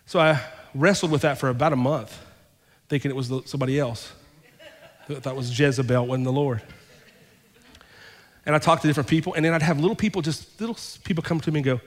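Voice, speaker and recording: A male pastor preaching a sermon, telling a personal story and acting out both sides of the conversations, then building to fervent, loud preaching. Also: fairly high pitch, fast, big-room sound.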